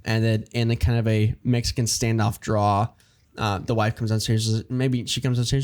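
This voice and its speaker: Man pitching a plot, loose and rambling, slips into quick bits of dialogue. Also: little pitch movement, darkish tone. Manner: rambling, many fillers and restarts, acts out lines. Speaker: writer pitching a story idea. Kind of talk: casual brainstorming chat.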